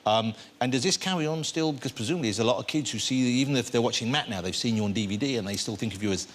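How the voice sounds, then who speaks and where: A man's voice: medium pitch, racing. A man hosting a talk show, asking his guest teasing, probing questions. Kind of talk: chat show interview. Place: TV studio.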